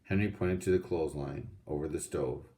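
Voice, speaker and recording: A man reading a children's storybook aloud in a steady, unhurried way. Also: very deep voice. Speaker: audiobook reader.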